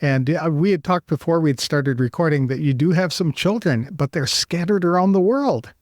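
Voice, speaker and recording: A male podcast host with a fairly high voice reads his introduction, then speaks more softly as he puts friendly questions to his guest. The sound is dry, with no room echo. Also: normal speed. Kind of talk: scripted intro then interview chat. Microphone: video call.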